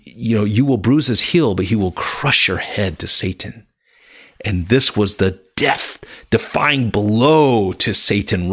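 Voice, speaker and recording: A man giving an earnest devotional Bible teaching, speaking straight to the listener and rising to excited, emphatic peaks. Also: on the low side. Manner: earnest, swells to excited exclamations, addresses listener as my friend.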